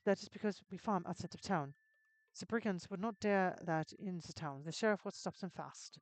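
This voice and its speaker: A game streamer voicing a young farmer's daughter in a vague put-on foreign accent, earnest and a little halting. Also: mid-range voice, dry recording, natural voice, rough recording. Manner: earnest, simple, slightly halting.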